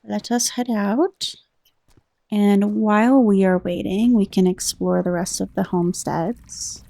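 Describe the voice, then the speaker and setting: An American woman giving relaxed, rambling commentary while playing a game, chatting to her viewers. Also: medium pitch, takes it slowly, vocal fry. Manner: chatty, rambling, reads game text aloud. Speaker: gameplay commentator.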